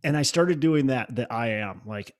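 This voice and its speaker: A man's voice: mid-range voice, lively intonation, normal speed. Conversational male podcast host. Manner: conversational, with frequent restarts. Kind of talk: casual interview talk.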